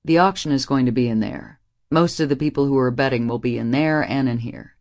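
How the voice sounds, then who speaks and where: A woman voicing a guarded young male musician in an audiobook, speaking low, firm and wry. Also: a little fast, a little mellow. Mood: teasing.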